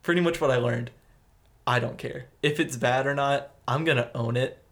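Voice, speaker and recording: A man's voice: mid-range voice, normal speed, a bit bright. A young man, co-hosting a podcast and telling a rambling school story with casual swearing. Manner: laid-back, rambling, swears freely. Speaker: podcast co-host.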